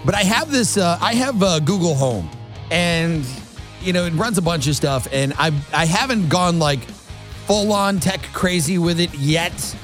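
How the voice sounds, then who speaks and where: Playful, lively-voiced male radio host. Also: sits high, a little slow, faint music behind. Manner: rambling, playful, self-mocking. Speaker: radio talk show host. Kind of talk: casual morning radio chat. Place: radio studio. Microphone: studio mic.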